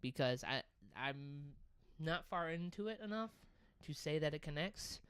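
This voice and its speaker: Podcast co-host, male, higher register, smooth clear tone, dry close sound, loose and profane. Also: lively intonation, measured pace, fairly bright tone, no echo. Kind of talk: casual chat.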